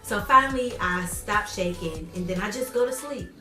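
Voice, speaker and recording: A young woman vlogger telling a story casually and animatedly, acting out what people said with big jumps in pitch. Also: normal speed. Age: young adult. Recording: roomy echo, voice a bit far from mic, faint music.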